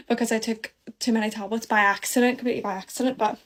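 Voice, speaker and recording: A woman's voice: a little high, fast talker. A woman chatting casually about her outfit while out of breath. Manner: chatty, rambling. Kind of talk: get-ready-with-me vlog chat.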